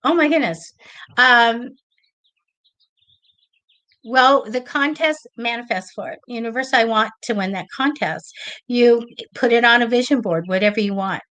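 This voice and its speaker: A woman's voice: fairly high pitch, a little slow, long pauses. Chatty middle-aged woman storyteller. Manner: chatty storyteller, lively and excitable, acts out quoted voices. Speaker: psychic reader and show host. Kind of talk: casual live-stream chat.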